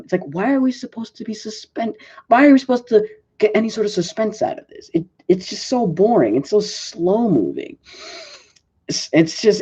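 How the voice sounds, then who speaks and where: A man's voice: high-pitched, warm tone. A man giving a casual movie review, rambling with lots of "like" and fillers and often correcting himself, on a dull lo-fi recording. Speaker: film reviewer.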